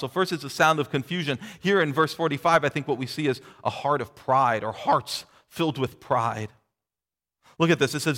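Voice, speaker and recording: A middle-aged man preaching a sermon, reading scripture aloud and voicing its speakers with lifted pitch. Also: sharp tone. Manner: expository preaching, acting out quoted voices with a rising pitch. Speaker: pastor. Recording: long reverb of a large hall.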